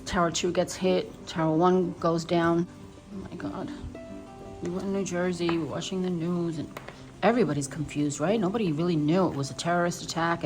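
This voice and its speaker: A New woman in her fifties tells a personal story on her doll vlog in a rambling, emotional way, full of restarts. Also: lowish voice. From New York. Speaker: doll vlogger.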